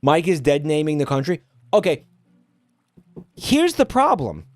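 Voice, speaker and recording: A man's voice: fairly high pitch, big pitch swings, a little slow, dry recording, faint music behind. A man streaming and ranting at his chat, exasperated and swearing often. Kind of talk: casual stream rant.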